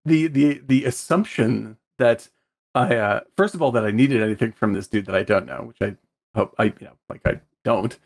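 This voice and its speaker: A man co-hosting a podcast, telling stories in a loud, animated way, swearing and laughing often. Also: mid-range voice, normal speed, creaky, no room sound. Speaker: podcast co-host. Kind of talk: casual chat about a film.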